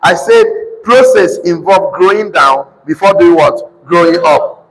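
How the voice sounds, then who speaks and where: A man with a Nigerian accent preaching to a live congregation, calling for responses and slowly repeating key lines for notes. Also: sits high, animated, background noise. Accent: Nigerian English. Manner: sudden shouted emphasis. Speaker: motivational preacher. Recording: reverberant hall.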